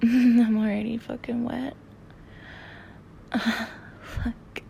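A woman with a sleepy morning voice, whispering close to the mic with soft laughs in an intimate monologue. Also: fairly high pitch, little pitch movement, drawn-out words, creaky, slight background noise. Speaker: audio creator.

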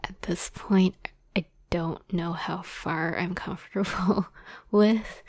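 A young woman talks in whispered role-play fashion, her breathy, airy voice low and slow. She rambles softly with many fillers and small laughs, close and dry with very little rise and fall. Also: fairly even intonation, no echo. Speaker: audio drama script writer.

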